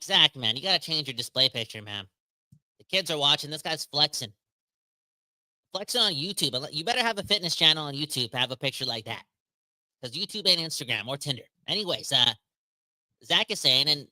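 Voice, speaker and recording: Bright, slangy male hockey podcast host. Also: mid-range voice, no echo. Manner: energetic, slangy, joking. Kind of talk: casual sports podcast chat.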